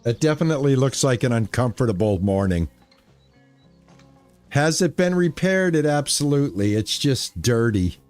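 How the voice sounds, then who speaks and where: A male streamer rambles easily to his live chat as he plays a farming game, keeping things laid-back and casual. He has an expressive mid-range voice with a darkish tone and moderate pace, over soft background music.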